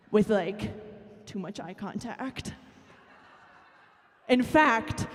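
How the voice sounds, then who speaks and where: Woman, spoken-word poet, dry sarcastic delivery, slightly high voice, hall reverb.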